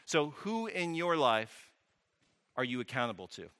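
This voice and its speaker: A pastor preaches in a bright, forceful voice, keeping it conversational with questions to the room and wry asides. His words ring with a long hall reverb. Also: mid-range voice, sing-song, a little slow, clear, resonant tone. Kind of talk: sermon.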